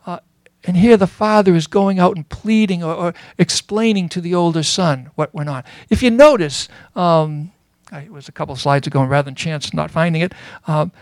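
A man giving a sermon as a Bible teacher, earnest and explanatory, pausing often with fillers. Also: fairly high pitch, no echo.

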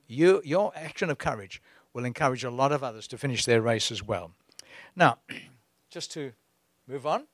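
Animated male preacher, dry close sound. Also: mid-range voice, normal speed, long pauses, dry recording. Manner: animated, exhorting preaching with chuckles. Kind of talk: sermon.

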